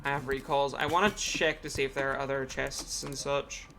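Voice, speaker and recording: A streamer chatting casually while playing a game, joking in a deadpan way. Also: medium pitch, moderate pace, gravelly, noisy background. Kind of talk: casual gaming stream chat.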